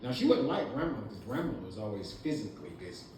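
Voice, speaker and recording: A man's voice: medium pitch, sing-song. Man, hesitant family speech, distant mic, echoey hall. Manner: halting, full of "uh" fillers. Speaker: son giving a birthday tribute. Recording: echoey room, mic far off, noisy.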